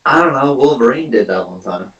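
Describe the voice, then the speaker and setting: A man playing in a tabletop game, chatty and expressive, swearing and joking freely. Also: medium pitch, fairly quick, distant mic, dull audio. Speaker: player. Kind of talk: casual tabletop play. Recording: echoey room, away from the mic.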